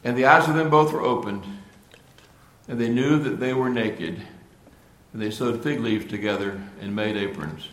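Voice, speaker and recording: A male preacher delivering a sermon in a roomy, echoing space. He talks earnestly, circling back over his words and pushing up into stressed, emphatic lines. His pitch sits in the middle range for a man. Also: normal speed, fairly bright tone. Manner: earnest, repeats and restarts phrases, rises to emphatic peaks. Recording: echoey room.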